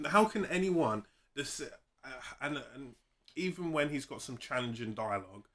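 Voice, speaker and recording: A man in casual conversation about a film, talking with eager enthusiasm and breaking into laughs. His voice has a bright, forward ring at an ordinary pitch. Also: animated, normal speed. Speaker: film review co-host. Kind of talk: casual film review chat.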